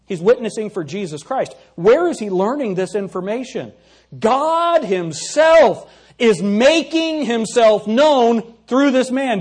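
Guy preaching a sermon, high husky voice, reads old bible verses then asks the crowd stuff. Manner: reads King James scripture aloud, then retells it in plain speech; asks the congregation questions and calls for "Amen?". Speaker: pastor.

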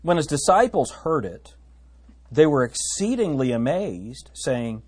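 A man with a slightly husky voice leads a casual verse-by-verse Bible study. He reads scripture aloud, then drifts into chatty, joking asides. His pitch sits in an ordinary middle range. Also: very animated, unhurried, darkish tone. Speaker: Bible teacher.

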